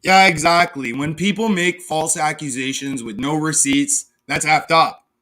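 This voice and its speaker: A man's voice: a little high, unhurried, bright, forceful tone. A young man from Canada ranting mockingly on a casual livestream, swearing and laughing at his own jabs. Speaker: live streamer.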